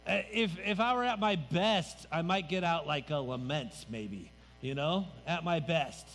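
A man's voice: a little high, expressive, unhurried, a bit bright. A man pastor preaching a sermon in a church sanctuary, conversational and emphatic, letting his voice drop at the ends of phrases. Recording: reverberant hall, faint music.

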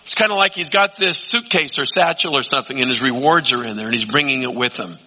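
A man preaching a sermon as pastor, emphatic, swinging between loud urging and quiet asides. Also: mid-range voice, quick pace. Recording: dull lo-fi sound.

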